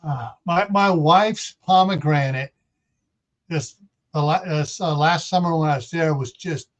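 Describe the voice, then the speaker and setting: A man's voice: a little high, unhurried. A man hosting a casual livestream, chatting in a rambling, folksy way. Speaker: livestream host. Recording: dull lo-fi stream audio.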